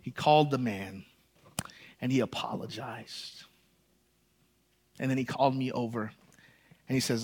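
A man's voice: medium pitch, fairly even intonation, moderate pace. A man preaching a sermon as pastor, telling a personal story and building to impassioned emphasis.

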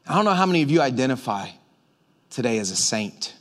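A man's voice: on the high side, big pitch swings, moderate pace, fairly bright tone. A man preaching a conversational sermon as pastor, emphatic and full of repetitions. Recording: long hall reverb.

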